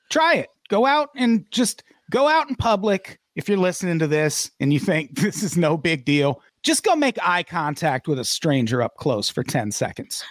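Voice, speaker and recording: A man's voice: on the high side, no room sound, studio quality. A man hosting a podcast, telling news stories in a profane, sarcastic way. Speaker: podcast host. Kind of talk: casual podcast banter.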